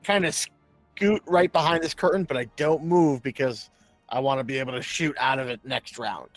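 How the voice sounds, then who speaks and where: A man's voice: mid-range voice, fairly even intonation, moderate pace, faint music behind. A man playing a tabletop game, talking through his moves and repeating words as he plans. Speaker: player. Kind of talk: casual tabletop play.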